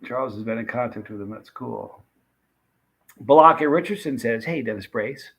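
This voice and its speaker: A man's voice: mid-range voice, moderate pace, vocal fry, fairly bright tone, breathy edge. A man hosting a late-night livestream, casually chatting and thanking viewers by name as he reads their comments. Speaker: livestream host. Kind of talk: casual live chat reading comments.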